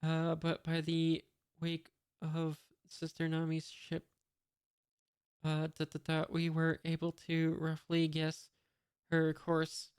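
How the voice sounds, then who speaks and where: Reader voicing a young male pirate crewman, urgent, comic read-aloud, flat delivery, crisp dry voice. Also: mid-range voice, dry recording, lightly acted. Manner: reads the lines flatly at a slowed pace, a bit louder than narration.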